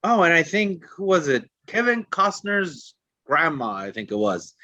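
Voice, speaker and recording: A man's voice: on the high side, big pitch swings, unhurried, bright, forceful tone, dry recording, muffled recording. A man co-hosting a podcast in casual chat, retelling stories in a chatty, profane way. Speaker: podcast co-host.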